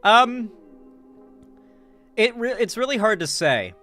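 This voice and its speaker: A man's voice: high voice, sing-song, slow pace, pushed and bright, soft background music. Rambling man streaming commentary. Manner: rambling, heavy "like" fillers, swears freely. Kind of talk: casual live-stream commentary.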